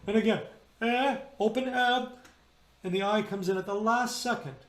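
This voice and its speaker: A man's voice: sits high, moderate pace, reverberant, noisy background. A man leading a choir rehearsal, explaining singing diction and demonstrating each vowel and consonant sound aloud. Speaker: choir director. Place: indoors, remote rehearsal video.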